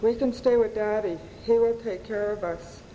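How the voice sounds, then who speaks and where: A woman's voice: mid-range voice, normal speed, warm tone, big-room sound, highs cut off, a little hiss or hum, natural voice. Woman reading as a frightened little girl. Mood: pleading. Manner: insistent, pleading.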